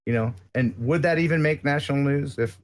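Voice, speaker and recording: A man's voice: medium pitch, brisk. An American man chatting casually as a guest on a live stream, rambling and joking with lots of filler words.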